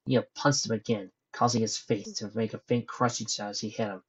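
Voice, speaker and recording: Husky man reading a fanfic aloud. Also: lowish voice, fairly even intonation, a little fast, hardly any pauses, dull audio. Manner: wry, sarcastic commentary. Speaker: narrator and fanfic reader. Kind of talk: reading a story aloud with joking asides.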